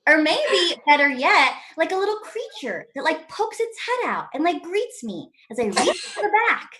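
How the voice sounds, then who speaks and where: A woman performing a raunchy stand-up set over a video call, telling stories in a brash, animated way. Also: high voice, moderate pace, very noisy. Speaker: stand-up comedian.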